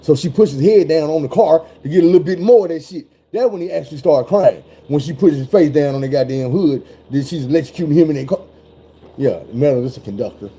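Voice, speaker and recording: Husky-voiced man ranting with heavy profanity. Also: a little high, quick pace. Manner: animated, profane, acts out voices in his retelling. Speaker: commentator. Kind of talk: casual profane commentary.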